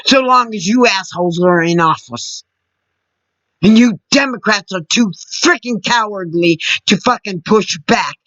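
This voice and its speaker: Furious American woman vlogger, bright sharp tone, dry dull recording. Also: medium pitch, no room sound. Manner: furious, profane, shouting at times. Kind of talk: angry political rant.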